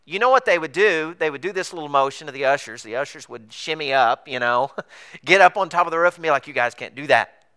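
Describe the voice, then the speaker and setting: A man preaching with a bright, ringing voice that cuts through cleanly. He tells the story with animated energy and jumps up and down in pitch as he acts out the characters' lines. His voice sits a bit higher than most men's. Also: fast, clear, resonant tone. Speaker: pastor. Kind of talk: sermon.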